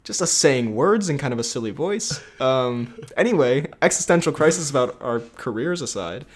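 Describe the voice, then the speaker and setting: A man's voice: medium pitch, expressive, normal speed. A young man co-hosting a podcast in casual chat, rambling and laughing often. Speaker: podcast co-host.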